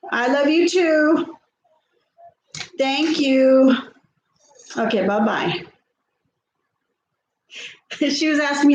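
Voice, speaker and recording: Middle-aged lady chatting while she cooks, high voice, laughs a lot, echoey kitchen. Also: expressive, very slow, pauses often, muffled recording. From South Texas. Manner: chatty, laughs often, reads viewer comments aloud. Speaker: vlogger. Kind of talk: casual chat while cooking. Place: home kitchen.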